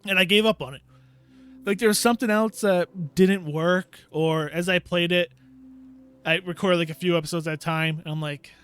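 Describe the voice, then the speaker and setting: A man's voice: high-pitched, fairly even intonation, normal speed, a bit bright, clean tone, faint music behind. A man, a gaming YouTuber, ranting casually about a bad game, laughing in disbelief and acting out his own reactions. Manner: exasperated, laughing storyteller who acts out his own reactions.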